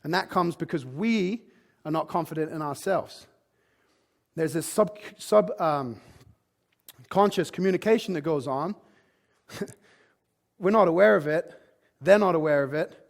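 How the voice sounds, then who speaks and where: Gravelly, emphatic male conference speaker. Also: fairly high pitch, slow pace, pauses often. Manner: emphatic, with frequent "like" and restarts. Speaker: fitness business speaker. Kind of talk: motivational conference presentation. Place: conference room with live audience.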